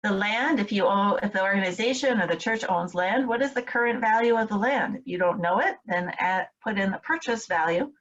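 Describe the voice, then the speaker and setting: A woman's voice: mid-range voice, a little fast, few pauses, highs cut off. A woman instructor giving a recorded training lecture, explaining step by step with frequent fillers and check-ins with her listeners. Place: home, in Michigan.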